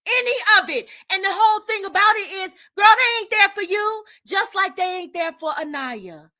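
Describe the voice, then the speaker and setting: High, bright-voiced indignant woman. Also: expressive, normal speed. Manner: repetitive, emphatic, indignant. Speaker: commentary streamer. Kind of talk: indignant live commentary.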